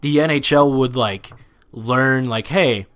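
A young man chatting casually about sports as a podcast co-host, animated and swearing freely, with plenty of fillers. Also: mid-range voice, measured pace, smooth.

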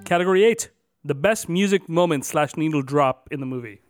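A man's voice: fairly high pitch, brisk, soft background music. A man co-hosting a casual podcast, announcing numbered categories with extra emphasis and then chatting loosely. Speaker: podcast co-host.

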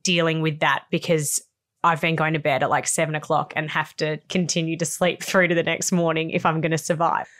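A woman in her thirties, co-hosting a casual podcast chat and telling a story with animated, acted-out quotes. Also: sits low, brisk. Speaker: podcast co-host.

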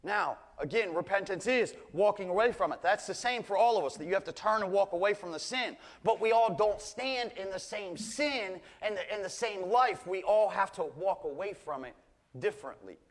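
Guy preaching a sermon, kinda higher voice, repeats himself a lot, slows way down on the big points. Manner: earnest, slows down hard to stress key words; often repeats words as he restarts phrases.

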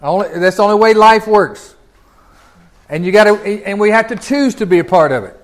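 A folksy man with a drawl teaches scripture to a small group. His voice sits high for a man, and his delivery is animated and conversational, broken up by chuckles and restarts. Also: a little fast. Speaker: pastor teaching a Bible class.

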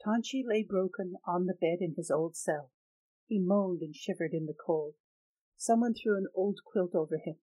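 A woman narrating a dark fantasy novel as an audiobook, in a steady, measured reading. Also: fairly low pitch, dry recording, low-quality recording.

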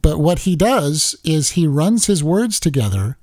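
A man hosting a political talk show, giving commentary in an animated, repetitive way. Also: on the high side, unhurried, no echo. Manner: animated, repeats words and restarts.

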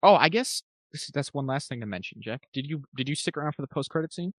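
A man co-hosting a podcast in casual comedic chat, animated and jokey, breaking into quick voices. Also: mid-range voice, no room sound, studio quality. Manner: fast, animated, jokey, does quick impressions. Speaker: podcast co-host.

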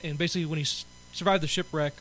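A man co-hosting a podcast, chatting in a relaxed way and laughing easily. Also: on the high side, very fast, slight background noise, rough recording. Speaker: podcast co-host. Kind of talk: casual chat.

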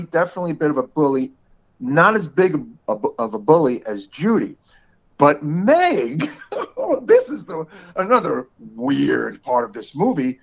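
A man in his forties with a New York area accent, co-hosting a podcast in casual chat and laughing often. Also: on the high side. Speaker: podcast co-host. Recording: dull lo-fi podcast audio.

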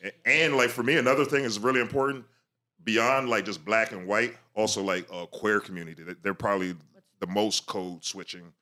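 Man with a bright, lowish voice. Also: fairly even intonation, fairly quick. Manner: explanatory, thinks aloud with fillers and restarts. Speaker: podcast co-host. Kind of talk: casual panel discussion.

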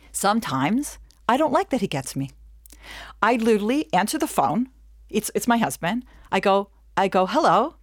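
A middle-aged woman teaching a webinar, talking in a lively way and acting out little back-and-forth dialogues. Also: mid-range voice, no room sound, studio quality. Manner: animated, acts out little dialogues with laughs. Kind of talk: lively talk to an audience.

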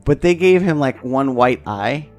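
A man's voice: mid-range voice, expressive, unhurried, faint music behind. A man hosting a podcast in loose, rambling casual chat, swearing freely and laughing often. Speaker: podcast host.

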